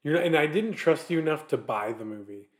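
A man's voice: a little high, animated, brisk, a crowd in the background. Easygoing young man, self-mocking. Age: young adult. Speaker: podcast co-host. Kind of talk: casual film chat.

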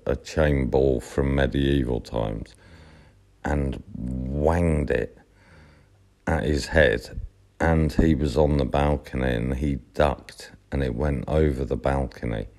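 Very deep-voiced, slow man rambling. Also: darkish tone. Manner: rambling, halting, full of fillers and restarts. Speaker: podcast storyteller. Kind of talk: casual anecdote monologue.

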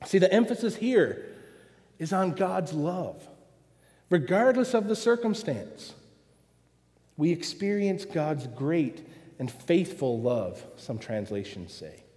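A man's voice: on the high side, sing-song, takes it slowly, a little mellow. A man preaching a sermon, earnest and full of rhetorical questions, in a church. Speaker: pastor. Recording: long hall reverb.

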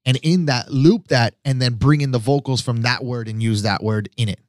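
A man's voice: mid-range voice, moderate pace, no echo. Easygoing male DJ co-host, casual talker, dry studio mic. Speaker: DJ and podcast co-host. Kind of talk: casual chat.

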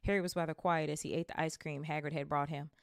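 Low-voiced woman reading a novel aloud. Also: fairly even intonation, quick pace, clear, resonant tone, dry recording, clean studio sound. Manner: chatty, trips over names and corrects herself. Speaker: book club podcast host.

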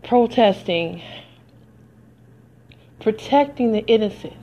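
An American woman hosting a podcast speaks in a fairly high, dark-toned voice with lively intonation and a slow pace. She is tearful, delivering earnest, preacherly personal commentary while fighting back tears.

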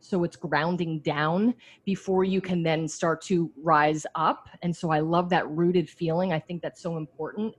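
A woman's voice: lowish voice, fairly even intonation, a little slow, breathy edge. A woman in a casual chat, earnestly sharing advice from her own experience and swearing now and then.

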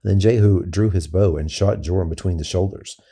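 The scripture reader is a man whose dark, husky voice sits very low and carries a creaky, gravelly edge. He reads at a calm, steady pace.

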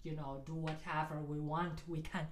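A woman's voice: sits low, little pitch movement, moderate pace, slight background noise. A woman co-hosting a comedy podcast, talking in an earnest, mock-sincere way. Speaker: podcast co-host. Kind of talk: comedic banter.

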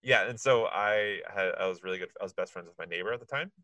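Male co-host, 30s, fast, joking storyteller, bright lowish voice, dry close mic. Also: no echo, poor audio. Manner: quick, joking, animated storytelling. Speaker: podcast co-host. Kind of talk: casual chat.

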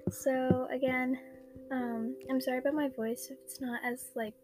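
A woman's voice: sits high, flat delivery, normal speed, over music. A woman hosting a fan fiction podcast, chatting casually with many fillers, tired after a sleepless night, on an old cheap microphone. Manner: chatty, filler-heavy, apologetic. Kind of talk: casual chat and story reading. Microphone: old low-quality microphone.

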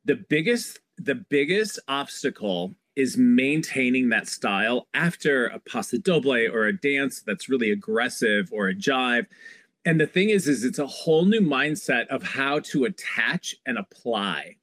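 A man, a hairstylist guest, telling lively backstage stories in a casual interview and acting out the people he quotes. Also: mid-range voice, unhurried. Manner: animated storyteller, acts out quoted voices.

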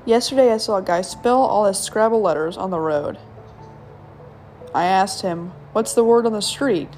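Her voice is medium-pitched and warm, at a moderate pace, with soft music in the background. Hosting a casual solo podcast, she reads jokes aloud, giggles frequently and fumbles the punchlines.

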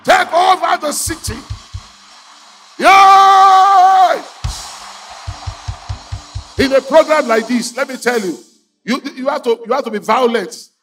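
A man preaching a fiery sermon, leading the crowd in call-and-response chants and bursting into shouts. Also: very high-pitched, expressive, fairly quick, soft background music. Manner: exhorting, repetitive, bursts into shouts.

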